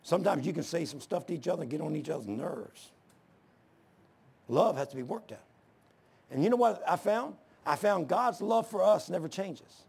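An older man preaching a sermon, swinging from shouting to hushed storytelling, with a gravelly, husky voice. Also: a little high. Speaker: pastor.

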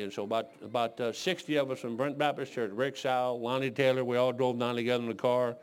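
A man's voice: medium pitch, fairly even intonation, a little fast, clean tone. A man in his sixties from Detroit, preaching a folksy sermon full of rambling, joking stories. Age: 60s.

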